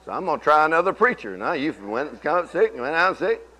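Preacher man with a bright voice. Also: a little high, big pitch swings, fairly quick, poor audio. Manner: folksy storytelling, rising to emphatic bursts. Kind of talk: sermon.

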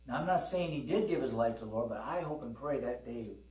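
A man's voice: mid-range voice, expressive, fairly quick, darkish tone, far from the mic. A middle-aged man preaching a sermon to a congregation, telling stories in a conversational way and calling out to the people listening. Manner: conversational storytelling, with calls to the congregation. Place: church hall with congregation. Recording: echoey hall, preacher away from the mic.

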